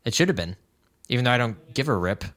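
A podcast co-host in casual chat, animated and quick to laugh. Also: medium pitch. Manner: giggly, animated, often laughing.

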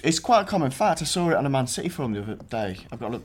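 A man, co-hosting a podcast and giving quick, opinionated takes. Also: medium pitch, sing-song, a crowd in the background. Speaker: podcast co-host. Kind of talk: casual banter.

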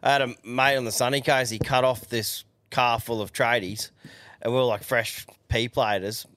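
A man on a podcast tells a short, casual anecdote in an easygoing way. His voice sits at a middling pitch and is recorded close and dry. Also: steady tone, fairly bright tone, dry recording. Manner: casual, chimes in with short agreements and quick anecdotes.

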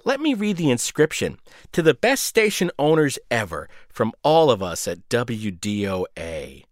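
A man voicing a gushing, insincere middle-aged woman coworker who flatters the bosses in a sugary way. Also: medium pitch, a little slow, dry recording, clean studio sound. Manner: fawning, sugary.

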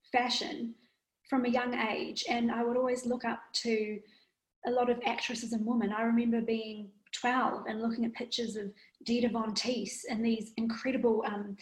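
A woman fashion designer recounts her start with animated energy, speaking in a fairly high voice. The recording has a noticeable echoey room sound. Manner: animated storytelling, quick bursts. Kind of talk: casual interview.

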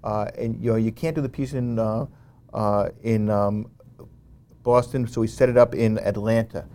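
Animated man telling a story. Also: lowish voice, normal speed. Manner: animated, frequent "you know" fillers and restarts. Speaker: interview guest. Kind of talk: conversational storytelling.

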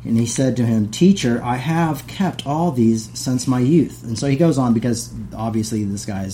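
A man's voice: mid-range voice, normal speed, mellow, slight background noise. A middle-aged man hosting a casual talk, reading passages aloud and paraphrasing them with many asides.

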